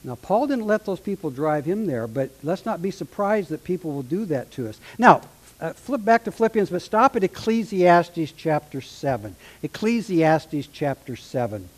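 A male pastor with a fairly high voice, preaching in an animated way. He reads scripture passages aloud with dramatic swings and slips in dry, sarcastic remarks. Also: normal speed, poor audio. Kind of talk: sermon.

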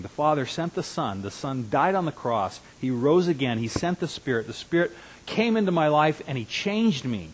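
A man in his fifties preaching a sermon as a pastor, earnest, dropping to hushed asides and rising to emphatic declarations. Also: medium pitch, slight background noise, low-quality recording. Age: 50s.

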